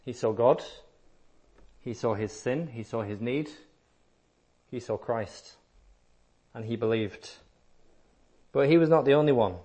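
Man, preacher, emphatic sermon, mid pitch, repeats phrases. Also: measured pace, long pauses, mellow. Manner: emphatic, repetitive, mimics listeners in lighter voice.

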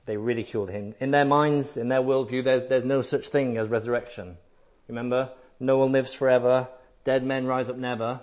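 Man, preacher, emphatic sermon, mid pitch, repeats phrases. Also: fairly even intonation, normal speed, darkish tone. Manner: emphatic, repetitive, mimics listeners in lighter voice.

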